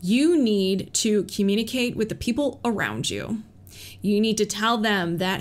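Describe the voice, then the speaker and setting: A woman who works as a police officer, talking candidly about recovery, earnest, with laughs between thoughts and calming phrases she repeats. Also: mid-range voice, measured pace. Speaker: police officer sharing her recovery story. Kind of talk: personal advice vlog.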